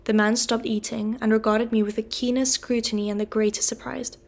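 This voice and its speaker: A woman reading a classic novel aloud in an even, steady narrating voice. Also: on the high side, brisk. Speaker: audiobook reader.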